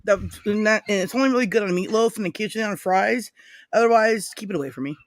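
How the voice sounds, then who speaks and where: A woman's voice: medium pitch, fast talker, no room sound. A Californian woman in casual video-call chat, sassy and blunt. Her mid-range voice sounds dry and close, with no room around it.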